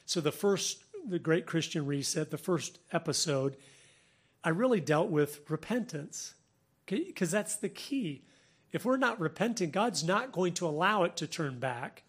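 A man hosting a Christian talk show, speaking earnestly, laughing often and quoting people in lively voices. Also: on the high side, a little slow, breathy edge. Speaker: Christian podcast host. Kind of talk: religious commentary, conversational.

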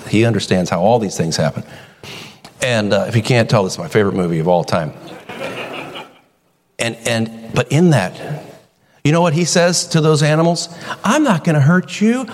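A middle-aged male pastor preaching a sermon in a folksy, animated storytelling manner, jumping into high voices to act out quotes. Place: church sanctuary. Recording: long hall reverb.

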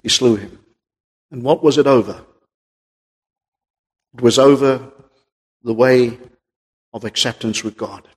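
A man preaching a sermon, rising to high emphatic peaks and then dropping low and quiet. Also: takes it slowly, long pauses, slightly rough. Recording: long reverb of a large hall.

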